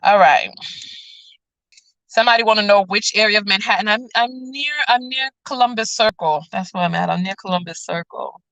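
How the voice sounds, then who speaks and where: A woman with a New York accent hosting a casual livestream chat from a city street, telling stories in an animated way with sudden high exclamations. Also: fairly quick, no echo, low-quality recording. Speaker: vlogger and show host.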